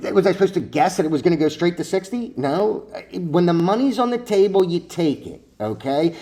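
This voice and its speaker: A stock trading vlogger with a high-sitting, dark-toned voice lectures his viewers about trading. He's blunt, profane and preachy, firing off rhetorical questions.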